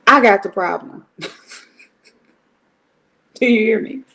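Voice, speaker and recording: A woman's voice: mid-range voice, slow, gravelly, pushed and bright. A middle-aged woman from Cleveland, ranting bluntly and profanely on a casual livestream. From Cleveland, Ohio. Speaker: livestream host.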